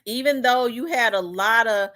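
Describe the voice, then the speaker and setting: A woman's voice: a little high, normal speed, bright, forceful tone, no room sound. A middle-aged woman with a Southern US accent, hosting a casual commentary chat, talking loosely with many fillers and restarts and answering viewer comments. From Memphis, US South. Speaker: host.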